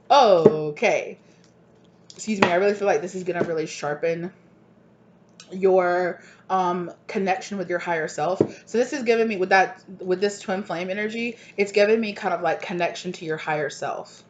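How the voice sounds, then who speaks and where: A woman giving a channeled collective tarot reading, rambling and gushing and often asking "right?". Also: sits low. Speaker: tarot reader. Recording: dull lo-fi recording, faint hiss.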